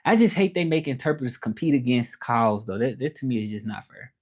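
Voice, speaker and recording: A man with a Southern US accent chatting casually on his livestream, relaxed and talkative, repeating phrases and slipping in some French. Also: mid-range voice, brisk. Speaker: interpreter and livestream host.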